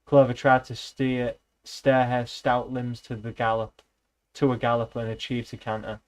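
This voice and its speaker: A man's voice: mid-range voice, little pitch movement, moderate pace, low-quality recording. Man reading a novel aloud, loose and casual. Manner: loose, with slips and restarts. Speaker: reader, streamer.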